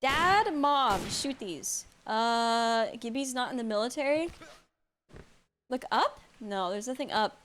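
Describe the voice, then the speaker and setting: A woman's voice: on the high side, animated, slow pace, fairly bright tone. A woman live-streaming a game from home into a desk mic, chatting casually, reacting aloud, answering chat and laughing often. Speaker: streamer playing a horror game.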